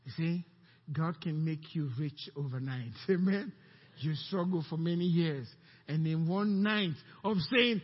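A pastor preaching a sermon, questioning the congregation and calling out to them. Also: male voice, fairly high pitch, unhurried, husky, in a large hall, highs cut off. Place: church sanctuary.

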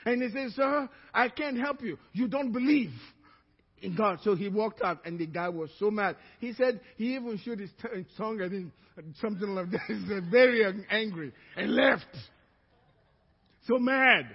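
A pastor preaching a sermon, telling stories and acting out the people in them. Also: male voice, sits high, normal speed, husky. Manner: storytelling, acts out quoted voices. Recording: muffled church recording, long reverb.

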